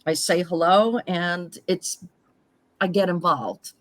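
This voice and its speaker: A woman's voice: fairly low pitch, slow pace, no echo. A middle-aged woman sharing personal stories earnestly in a casual group video chat. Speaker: guest author.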